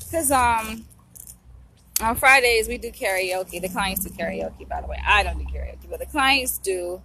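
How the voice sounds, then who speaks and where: A woman speaks to her viewers at an unhurried pace, sounding close to tears. Her talk is heartfelt and circles back on itself. Faint background noise sits under her voice. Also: mid-range voice, animated, bright, forceful tone. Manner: tearful, heartfelt, repeats herself. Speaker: vlogger. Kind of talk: emotional vlog to camera.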